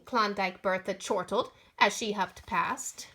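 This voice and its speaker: A woman reads a children's storybook aloud with lots of expression, voicing the sound effects as she goes. Her voice is fairly high and her pace measured.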